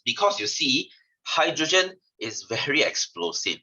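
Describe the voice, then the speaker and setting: Teaching science over a video call, a Singaporean English-accented man speaks at a moderate pace in a very bright, forceful voice with big swings in pitch. He keeps things chatty, ribs his students, and ends sentences with "lah" throughout this online lesson, all captured in dull, lo-fi audio.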